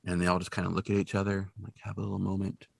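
A man co-hosting a podcast, recapping a TV episode in casual chat with animated storytelling and dry asides. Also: deep voice, racing, vocal fry, slightly rough, dry recording. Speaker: podcast co-host.

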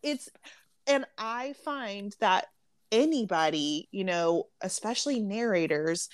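A woman's voice: mid-range voice, animated, takes it slowly, clean tone, no room sound. A woman chatting casually about a book she loved, opinionated and often laughing. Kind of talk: casual book review chat.

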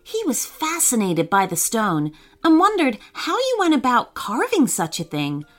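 A woman narrating a children's story in a gentle, expressive way, voicing the children as she goes. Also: fairly high pitch, unhurried.

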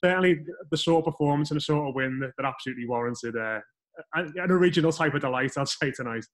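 A man's voice: on the high side, fast talker. A man hosting a casual football podcast over a call, upbeat, with a few restarts. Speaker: podcast host.

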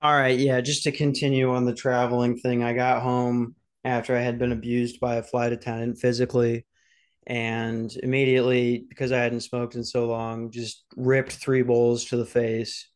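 A man's voice: mid-range voice, clear, resonant tone. Young man, podcast host, casual storytelling, swearing, does voices for quotes. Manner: rambling, swearing, acts out quotes.

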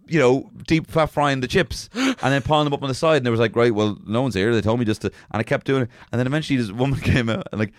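A young Irish man co-hosting a podcast, telling rambling comedic stories full of swearing and bursts of shouted impressions. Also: medium pitch, fast talker, hardly any pauses, no room sound, studio quality. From Ireland. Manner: rambling, swears freely, jumps into shouted character voices. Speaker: podcast co-host. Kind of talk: casual comedic chat.

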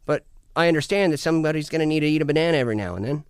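A man chatting casually as a podcast guest, animated and jokey, cursing freely and getting loud when he plays up a bit. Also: on the high side, racing, clear, resonant tone, no echo, studio quality. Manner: animated, profane, jokey, swings loud for bits. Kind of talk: casual chat.

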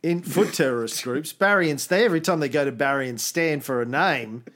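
Brief: slightly high male podcast host, animated, halting storyteller. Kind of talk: casual history chat.

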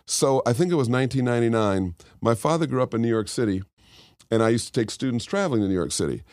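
A man's voice: mid-range voice, expressive, fast talker, a little mellow, no echo. Rambling middle-aged man, dry close sound. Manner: rambling, digressive storyteller. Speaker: podcast co-host. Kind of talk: casual chat.

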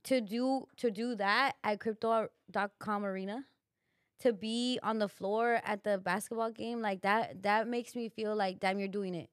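A woman's voice: medium pitch, fairly even intonation, unhurried, clear, resonant tone, dry recording, studio quality. A woman co-hosting a casual podcast chat, talking animatedly, swearing freely and filling with "like", often laughing. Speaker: podcast co-host.

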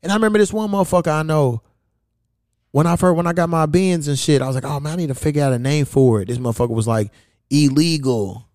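A man's voice: a little high, fast, a little mellow, no echo, clean studio sound. Blunt, profane man hosting a podcast. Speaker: podcast host. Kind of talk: casual chat.

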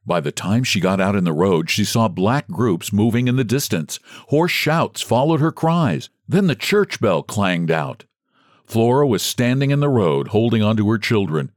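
Expressive male storyteller, dry sound. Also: fairly low pitch, normal speed, dry recording. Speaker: audiobook reader. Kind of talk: scripted narration.

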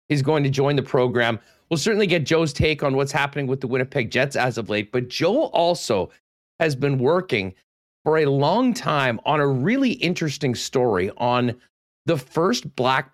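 A man hosting a sports talk show, energetic and loose, saying he is losing his voice. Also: a little high. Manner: energetic, loose, with many fillers. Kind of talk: casual radio sports talk.

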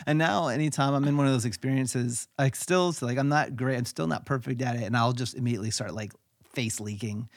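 A man's voice: mid-range voice, fairly quick, dry recording. Candid man telling stories, dry close sound. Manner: open, animated, swears casually. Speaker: podcast guest, tech company founder. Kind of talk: candid conversational storytelling.

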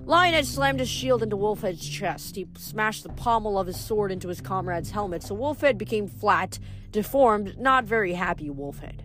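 A woman reading a novel aloud in steady storytelling narration. Her voice sits at a middle pitch for a woman, even and unhurried. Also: soft background music. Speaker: reader.

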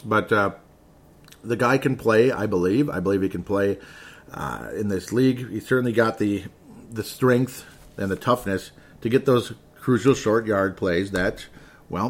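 Rambling low-voiced male sports talker. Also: normal speed. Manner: rambling, self-correcting, conversational. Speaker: sports podcast host. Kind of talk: casual solo sports commentary.

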